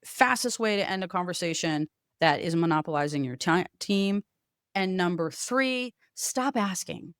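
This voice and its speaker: A woman's voice: on the low side, normal speed, smooth, no echo, studio quality. A woman hosting a solo podcast, telling stories and acting out both sides of the conversations. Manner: animated storytelling, acts out both sides of conversations. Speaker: podcast host.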